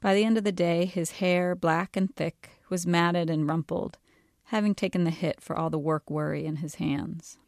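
A woman author reading her own novel aloud in a calm, measured way. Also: lowish voice, no echo, studio quality.

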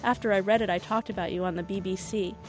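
A woman's voice: mid-range voice, steady tone, fast talker, faint music behind, close to an everyday voice. A woman doing a shy English novelist. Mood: friendly. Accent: English, put on. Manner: polite, patient, a little shy.

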